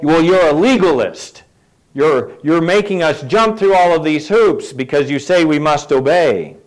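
This middle-aged pastor, whose voice runs on the high side, preaches in a chatty style, posing questions to his listeners and slipping in lighthearted remarks. The recording quality is rough.

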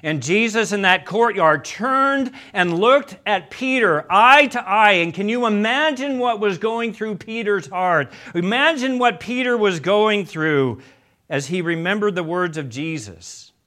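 A man with a high, bright voice delivers a sermon. He retells scripture as a story and drops his voice for quoted lines. The delivery is lively and expressive. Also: measured pace. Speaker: preacher.

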